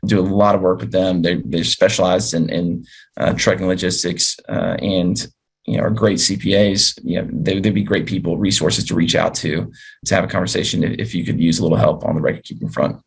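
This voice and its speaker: A man's voice: low voice, fairly even intonation, fairly quick, gravelly, husky. A man presenting a business training webinar as an advisor, explaining in a conversational way through client stories.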